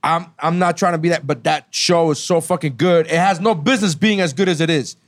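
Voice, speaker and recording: A man's voice: a little high, a little fast, no room sound. A man co-hosting a podcast in casual banter, playful and ribbing, often laughing. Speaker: podcast co-host.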